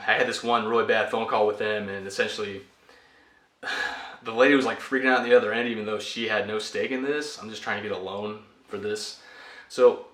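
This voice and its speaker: Exasperated young man ranting, bright voice. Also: on the low side. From United States. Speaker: vlogger. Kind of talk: frustrated personal rant. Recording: echoey room.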